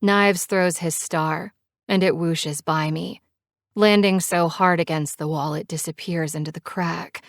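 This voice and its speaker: A woman narrating a first-person romance audiobook with a measured, steady reading on a close mic. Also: lowish voice, no echo.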